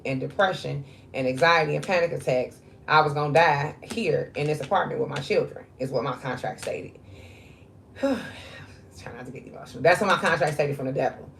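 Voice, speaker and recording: Low-voiced woman talking candidly. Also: steady tone, fairly quick, gravelly, hardly any pauses, slight background noise. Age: 40s. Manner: candid and conversational, with frequent fillers. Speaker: spiritual reader. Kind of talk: casual spiritual monologue.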